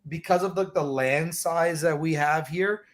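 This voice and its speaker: A woman in a casual chat show, talking with frequent restarts. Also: sits low. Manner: halting, restarts often.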